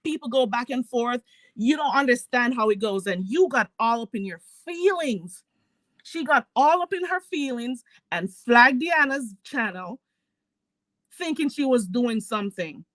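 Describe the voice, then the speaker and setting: A woman's voice: on the high side, expressive, measured pace, a bit bright, dry recording. A woman hosting a commentary channel, ranting in a heated, mocking and profane way. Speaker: YouTube commentary host.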